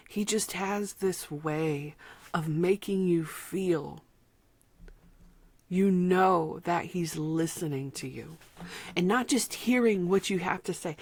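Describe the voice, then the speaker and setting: A woman reviewing an album, speaking from the heart and close to tears, sometimes dropping to a soft whisper. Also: lowish voice. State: emotional, near tears. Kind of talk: emotional personal vlog talk.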